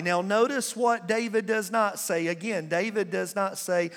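Male pastor, high tenor, unhurried call-and-response preaching, reverberant sanctuary. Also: a bit bright. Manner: call-and-response preaching, drawn-out emphatic words. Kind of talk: sermon. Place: church sanctuary.

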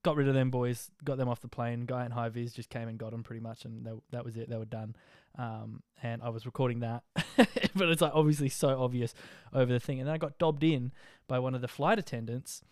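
A young Australian man casually telling an animated, slang-filled story about a flight, with jokey rhymes. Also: mid-range voice, brisk, hardly any pauses, no echo, studio quality. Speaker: social media vlogger.

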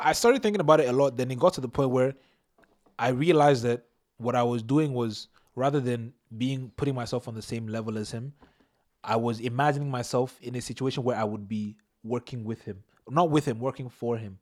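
A young man hosting a casual podcast chat, giving emphatic advice with lively bursts. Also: mid-range voice, a little fast. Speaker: podcast host.

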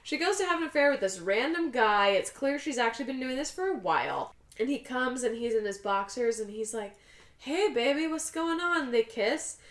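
A woman's voice: a little high, lively intonation, brisk, few pauses, reverberant. A woman co-hosting a casual chat, retelling a story and acting out the characters' lines. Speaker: podcast co-host recapping a film.

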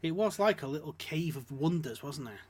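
A man's voice: fairly high pitch, expressive, normal speed, husky. A man hosting a podcast, ranting and swearing in casual mocking chat. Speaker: podcast host.

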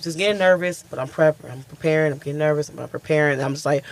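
Chatty comedian man, slightly high voice. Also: rapid-fire, hardly any pauses. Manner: animated, chatty, acts out quotes. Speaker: stand-up comedian guest. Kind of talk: casual storytelling interview.

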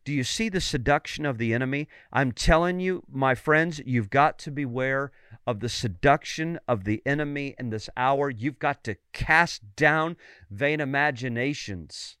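A male preacher delivering a fervent sermon, rising to loud, emphatic calls and asking listeners for amens. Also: mid-range voice, unhurried, clear, resonant tone, no room sound, studio quality.

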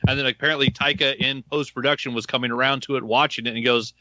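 A man's voice: medium pitch, fairly even intonation, fast, few pauses, bright, forceful tone, no echo, muffled recording. A man co-hosting a podcast, chatting casually and telling stories with enthusiasm. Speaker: podcast co-host. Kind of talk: casual chat.

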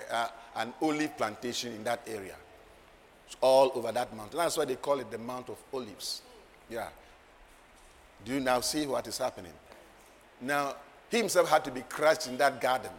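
A man preaching a sermon, moving from quiet asides to loud, laughing declarations. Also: medium pitch, moderate pace, pauses often. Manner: emphatic, swings from soft asides to loud declarations, laughs often. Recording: long hall reverb, faint ambient noise.

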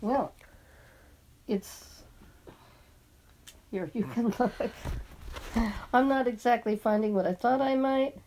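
A woman speaks very slowly in casual conversation, agreeable and unhurried. A faint hiss of noise sits under her voice. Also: a little high, warm tone. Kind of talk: casual chat.

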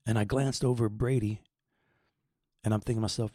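Earnest low-voiced man in his fifties. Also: steady tone, a little fast, mellow, dry recording, clean studio sound. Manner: earnest, rambling, repeats words while searching. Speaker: podcast host. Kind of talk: personal faith talk.

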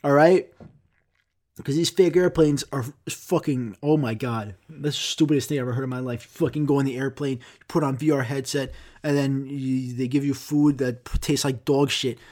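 A young man hosting a solo podcast, ranting profanely and swinging between loud outbursts and low mumbles. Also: fairly even intonation, moderate pace. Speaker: podcast host. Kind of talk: casual solo podcast rant.

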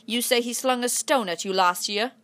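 A woman's voice: normal speed, a bit bright, dry recording, lightly acted. A woman voicing a blunt, stubborn middle-aged farmer father, reading a storybook aloud. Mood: stern. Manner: blunt, rumbling, defiant.

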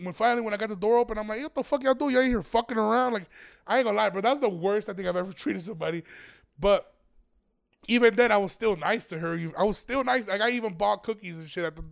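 A young man with a high, gravelly voice rambles through a story in a casual chat. His talk is loose, slangy and full of cursing. The fry in his voice sits under a pitch that rides above most men's. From Aurora, Illinois area.

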